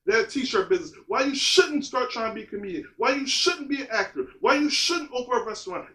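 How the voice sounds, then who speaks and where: A man's voice: very high voice, a bit bright. A man giving a motivational monologue in an emphatic, repetitive style, stacking lists and rhetorical questions. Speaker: motivational speaker. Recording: roomy echo.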